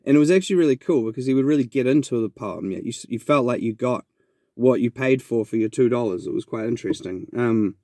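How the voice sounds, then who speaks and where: Talking fast in a warm, mid-range voice, a New Zealand podcast host spins a wandering, reflective story, restarting frequently in his casual monologue. The studio sound is clean, with no room sound.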